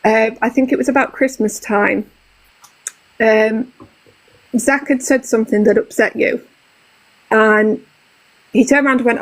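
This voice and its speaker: A woman's voice: a little high, steady tone, moderate pace, long pauses, rough recording. A woman in her thirties with a British accent, explaining her view at length in a casual live-stream chat. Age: 30s.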